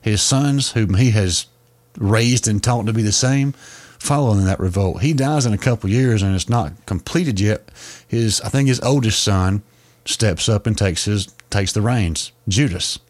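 Male podcast co-host, low voice, a casual storytelling explainer who often restarts his sentences. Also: a little slow, darkish tone.

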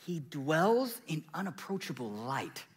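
Male pastor preaching a sermon; lively, swooping delivery, fairly high voice, excited one moment and hushed the next. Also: measured pace, breathy edge. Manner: animated preaching, swinging between excited and hushed. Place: church.

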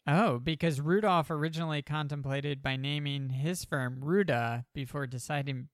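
A man's voice: fairly high pitch, normal speed, no echo, studio quality. A man hosting a podcast in a playful, casual chat, laughing easily. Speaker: podcast host.

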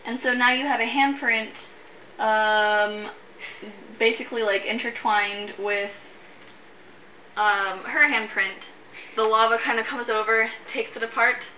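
A woman's voice: on the high side, fairly even intonation, a little slow, sharp tone. A woman running a tabletop game as game master, narrating casually with lots of filler words. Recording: roomy echo, faint hiss.

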